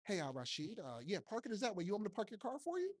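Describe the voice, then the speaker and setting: A man putting on the voice of an eager, fawning young male production assistant who rushes to offer help. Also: sits high, huge pitch swings, exaggerated voice. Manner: overly helpful, rushed, sucking up.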